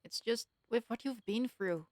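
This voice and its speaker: A woman voicing a gentle, awkward male mental health worker in a story game, speaking softly and apologetically. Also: fairly high pitch, normal speed, no echo, studio quality, natural voice. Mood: careful. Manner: soft, careful, apologetic.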